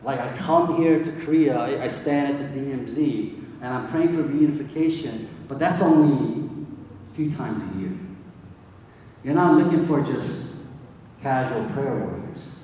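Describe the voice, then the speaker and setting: A man's voice: medium pitch, measured pace, dark tone, slight background noise. A man preaching a sermon in a casual storytelling way, full of fillers, in a large church hall. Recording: echoey hall from far off.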